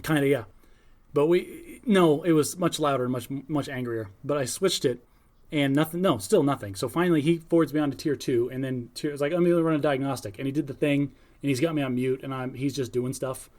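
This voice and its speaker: A man's voice: medium pitch, a little fast. A middle-aged man on a casual podcast, telling stories with lots of energy and acting out both sides of his phone calls. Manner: animated storyteller, acts out phone calls. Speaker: podcast co-host. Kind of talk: casual chat.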